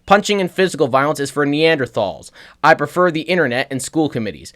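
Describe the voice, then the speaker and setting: A young man giving stern, measured scripted narration in a warning tone. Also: a little high, lively intonation, a bit bright. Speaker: video narrator.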